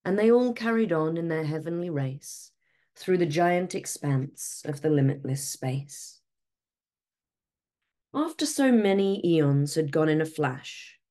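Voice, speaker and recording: A woman reads a rhyming picture book aloud as a storyteller. Her voice is low and mellow, and she takes an unhurried pace, giving each couplet a measured, expressive rhythm.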